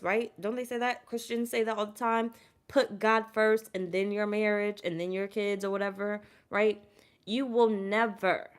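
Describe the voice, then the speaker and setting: Woman, tarot reader, casual chatty reading, mid pitch. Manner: chatty, emotional, addresses viewers as y'all.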